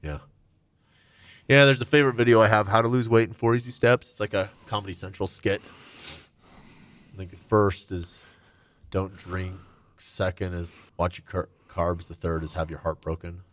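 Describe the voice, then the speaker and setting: A middle-aged man telling his own story candidly and reflectively, his voice often trailing off soft and low. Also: steady tone, moderate pace, slight background noise. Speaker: guest.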